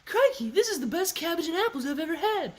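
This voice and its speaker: A man putting on a shrill falsetto as a chirpy woman who throws in exaggerated crikey-and-cheerio slang. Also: big pitch swings, fast. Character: chirpy woman with mock Aussie slang, cabbage-loving.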